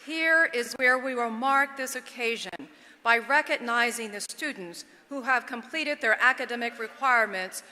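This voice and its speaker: A woman announces and opens a graduation ceremony in a measured, ceremonial manner. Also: fairly high pitch, bright, forceful tone. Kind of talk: formal announcing. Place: large arena. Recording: long echo of a big arena.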